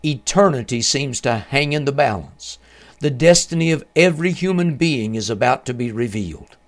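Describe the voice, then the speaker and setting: A man hosting a religious radio program, reading a scripted narration in a measured, solemn way. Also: medium pitch, expressive.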